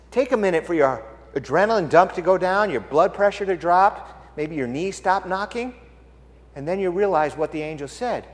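A man preaching a sermon, telling the story dramatically and swinging from hushed tones to loud exclamations. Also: sits high, sing-song, normal speed, long reverb tail. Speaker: pastor.

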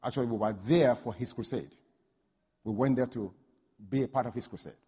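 Husky guy preaching, tells a story then gets loud and fired up, big echo in the hall. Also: medium pitch, brisk. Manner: storytelling, builds to loud shouted peaks. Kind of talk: sermon. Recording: long hall reverb.

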